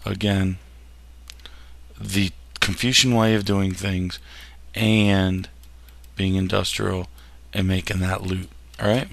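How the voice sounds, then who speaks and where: A man's voice: fairly low pitch, gravelly, a bit bright, no echo. A man teaching a history lesson over slides, casual and jokey, often tripping over words and restarting them. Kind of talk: classroom lecture over slides.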